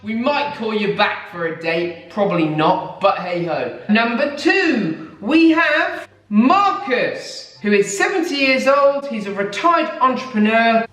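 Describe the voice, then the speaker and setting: A man's voice: sits high, expressive, measured pace, fairly bright tone. A young man from England hosting a casual comedic chat, teasing and full of banter. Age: young adult. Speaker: host. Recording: echoey room from a distance.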